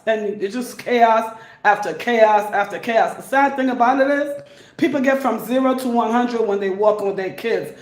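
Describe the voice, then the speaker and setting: A woman giving casual advice to her viewers, emphatic and rambling, repeating her points for stress. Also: on the high side. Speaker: vlogger. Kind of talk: casual advice monologue to camera. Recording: echoey room.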